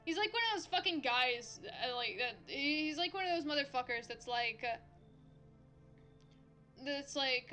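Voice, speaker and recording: A woman's voice: high-pitched, expressive, measured pace, long pauses, pushed and bright, faint music behind. A woman streamer chatting casually over a game, ranting and swearing with many fillers. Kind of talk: casual gameplay chat.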